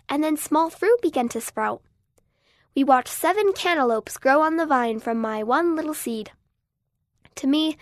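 A woman's voice: high voice, no room sound, clean studio sound. A woman earnestly reading a children's magazine story aloud. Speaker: reader.

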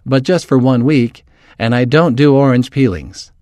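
A man's voice: medium pitch, moderate pace, a little mellow, dry recording, natural voice. A man reading as an earnest young umpire girl.

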